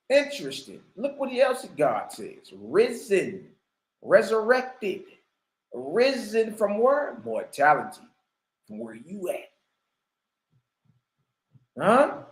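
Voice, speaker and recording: A man's voice: high voice, wildly swooping pitch, extremely slow, long pauses, echoey room. A man giving casual commentary that turns into preaching, speaking in slang and firing off emphatic rhetorical questions. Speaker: online commentator and religious teacher.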